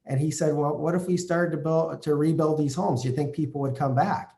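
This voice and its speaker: A real estate investor from Canada, telling a personal story to camera in a halting way, full of fillers and restarts. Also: male voice, fairly high pitch, fairly even intonation, dark tone.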